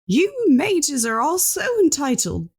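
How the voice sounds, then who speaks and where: A woman's voice: sits high, sing-song, slow pace, voice pushed up, exaggerated voice. A woman voicing a skinny older male scientist who is indignant and snide. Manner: snide, scolding.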